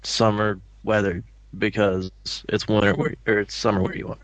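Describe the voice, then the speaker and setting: A man with a fairly low voice co-hosting a casual podcast over a call. He speaks in a plain, matter-of-fact way and often steps in to correct the others. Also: little pitch movement, moderate pace, no echo, lo-fi sound. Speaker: podcast co-host.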